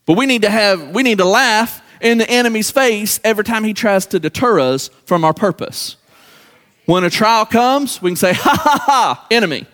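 A man's voice: high voice, moderate pace, fairly bright tone, long reverb tail. A middle-aged man, a pastor preaching a sermon, who acts out the voices of the people he quotes.

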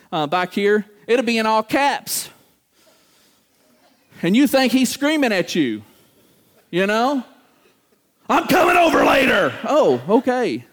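A man preaching a sermon to a congregation, acting out everyday voices and asking the room questions. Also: very high-pitched. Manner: animated, acts out quoted voices, talks to congregation.

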